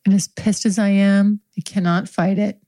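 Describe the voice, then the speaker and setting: A woman's voice: mid-range voice, level tone, normal speed, mellow. A woman host improvising an erotic story in the second person, intimate, frank and profane, lingering on her words. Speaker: podcast host.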